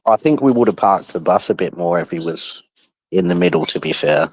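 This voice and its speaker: Low-ish voice, dry sound, caller chatting footy calmly, bit deadpan. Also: male voice, fairly quick, vocal fry, husky, no echo, poor audio. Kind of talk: casual phone-in chat.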